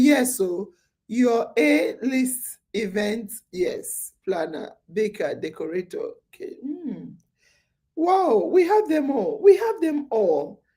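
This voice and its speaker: Woman host, drowsy and chatty, unhurried, dark-toned voice, loops back over her words. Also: high-pitched. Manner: chatty storytelling, repeats phrases, many fillers. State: sleepy, yawning. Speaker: podcast host. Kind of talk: casual live-stream chat.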